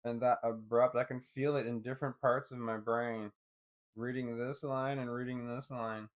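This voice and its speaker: A man on a live stream, thinking aloud in a halting way, often repeating words as he works through what he sees. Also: medium pitch, level tone.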